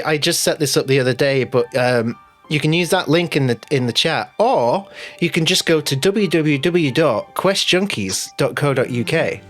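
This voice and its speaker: Tabletop host, chatty, self-mocking, very animated intonation, faint music bed. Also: medium pitch. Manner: animated, rambling, self-mocking, swears playfully. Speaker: game master and show host. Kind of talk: lively sponsor and channel announcements before a tabletop game stream. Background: faint background music.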